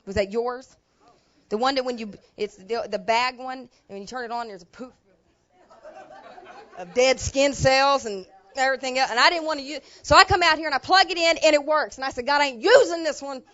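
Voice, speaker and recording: A woman pastor telling a personal story in a sermon, talking in a plain, colloquial way that drops to quiet asides and rises to loud emotional bursts. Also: sits high, brisk, highs cut off. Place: church sanctuary.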